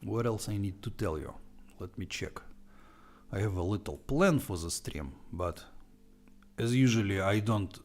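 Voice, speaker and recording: A man's voice: on the low side, a little slow, pauses often, darkish tone. A young man with a Russian accent, chatting informally on his live stream and dropping in Russian words. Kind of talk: casual live stream chat.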